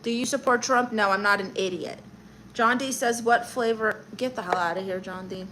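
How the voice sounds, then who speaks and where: Sassy bright-voiced woman streamer. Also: mid-range voice, normal speed, slight background noise, low-quality recording. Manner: sassy, teasing banter with viewers. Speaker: livestream host reading chat; stand-up comedian. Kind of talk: casual livestream chat.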